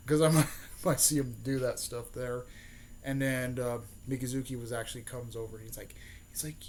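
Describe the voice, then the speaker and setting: Casting note: young male YouTuber, loose rambling storyteller, mid-pitched, soft hiss underneath. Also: flat delivery, moderate pace. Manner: rambling, many fillers and restarts, keeps adding "there" and "mostly". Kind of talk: casual fan-theory storytelling.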